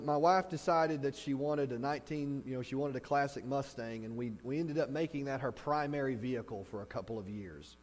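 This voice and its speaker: A man preaching a sermon as pastor, animated and storytelling, acting out reactions as he speaks. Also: fairly high pitch. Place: church hall. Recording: hall reverb with mains hum.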